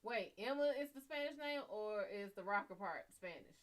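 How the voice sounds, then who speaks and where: A woman's voice: mid-range voice, animated, moderate pace. A woman reading tarot cards live for her viewers. She talks in a casual, blunt way and swears freely. She reads out each viewer's name and question before she answers. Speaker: tarot reader.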